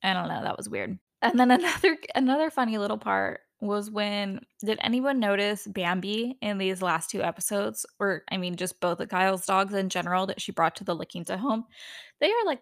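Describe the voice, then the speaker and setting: A woman with a medium-pitched voice and vocal fry hosts a solo podcast, recapping a reality TV episode. She's chatty and giggly, laughs often, and says "like" a lot in this casual TV recap.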